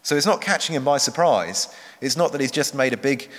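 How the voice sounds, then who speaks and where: A man preaching a sermon, earnest and measured, slowing down for emphasis. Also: medium pitch, expressive, a bit bright. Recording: long hall reverb.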